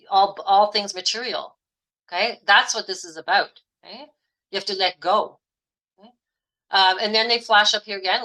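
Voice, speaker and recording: Bright-voiced woman teaching an online class. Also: mid-range voice, low-quality recording. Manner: explanatory, with frequent "okay?" and "right?" check-ins. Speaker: astrology and esoteric teacher.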